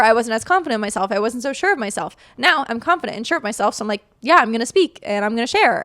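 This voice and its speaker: Young female podcast host, higher voice, earnest chatty faith talk, dry close mic. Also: no room sound. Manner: earnest, conversational, heavy use of "like".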